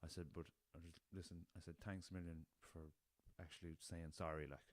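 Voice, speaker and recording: Irish man, very low voice, dry close sound, rambling podcast host, swears a lot. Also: level tone, a little fast, no echo. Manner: rambling, swears freely, addresses listeners as lads. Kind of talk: casual solo storytelling. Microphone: podcast recorder with laptop.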